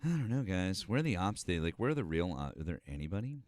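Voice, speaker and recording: Male streamer host, wry and animated, low pitch, dry close mic. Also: fast, dry recording. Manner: sarcastic, lively, exasperated. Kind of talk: casual live-stream chat.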